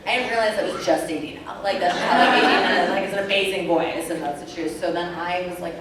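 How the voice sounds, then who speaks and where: A woman on a convention panel, telling a story in a chatty, animated way with lots of fillers. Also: lowish voice, fast, few pauses, a crowd in the background. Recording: echoey hall from far off.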